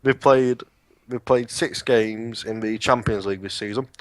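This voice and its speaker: A man's voice: mid-range voice, fairly even intonation, moderate pace. An eighteen-year-old man co-hosting a casual podcast, swearing and joking as he rants about call-centre work. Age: young adult. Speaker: podcast co-host. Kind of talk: casual chat.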